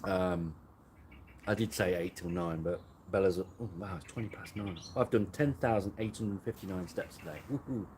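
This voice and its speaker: A man's voice: low-pitched, normal speed, a little mellow, slight background noise. A man hosting a casual live chat, rambling and joking about himself with frequent laughs. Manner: rambling, self-mocking, laughs often. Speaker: host. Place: garden at night, outdoors.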